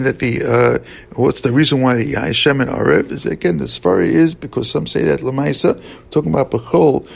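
A man teaching a Talmud lesson in a halting way, restarting his sentences often and mixing English with Hebrew and Aramaic terms. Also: mid-range voice, vocal fry, darkish tone, rough recording. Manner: halting, with many restarts and fillers. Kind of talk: Talmud study lecture.

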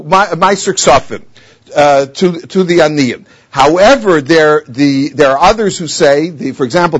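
A man giving a Talmud lecture in English, explaining the text and telling its stories with many Hebrew and Aramaic terms. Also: sits high. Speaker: Talmud teacher.

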